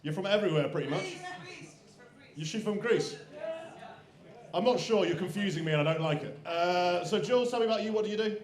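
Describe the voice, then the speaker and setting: A man's voice: high voice, a little fast, pauses often. A man hosting a live comedy show, teasing the crowd with crude banter. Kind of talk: live stand-up compering. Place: comedy club stage. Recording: echoey club with loud crowd. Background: audience laughter and cheers.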